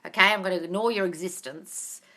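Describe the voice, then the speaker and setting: Woman, bright voice, blunt and brisk, swears a lot, live-stream coach chat. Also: lowish voice. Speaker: manifestation coach hosting a live Q&A.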